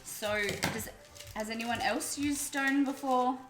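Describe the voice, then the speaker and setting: A woman's voice: high-pitched, steady tone, slow, a bit bright. An Australian woman from Melbourne hosting a live cooking stream, chatting casually with viewers as she cooks. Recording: roomy echo with music behind.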